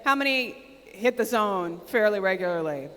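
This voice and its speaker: An American woman giving a conference keynote, energetic and loud, calling on the audience to shout out answers. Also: medium pitch, moderate pace. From United States. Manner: energetic, talks with the audience, asks them to shout out; loud and excitable, close to shouting. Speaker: keynote speaker. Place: large conference hall with a live audience. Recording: live hall with long reverb.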